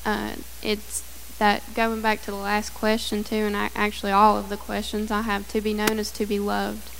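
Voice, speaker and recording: Woman, church discussion member, gravelly voice, flat even delivery, long hall reverb. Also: mid-range voice, normal speed, noisy background. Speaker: group discussion participant.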